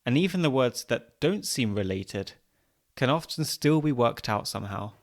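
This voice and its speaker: A man hosts a podcast, delivering scripted narration clearly and evenly. His pitch sits in an ordinary middle range for a man. The humour is light and dry. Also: expressive, normal speed. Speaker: podcast host.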